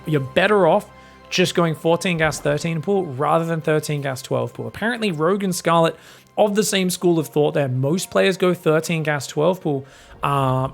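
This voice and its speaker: An Australian man giving excited, casual, jokey esports commentary, sometimes swearing. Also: a little high, vocal fry. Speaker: esports caster.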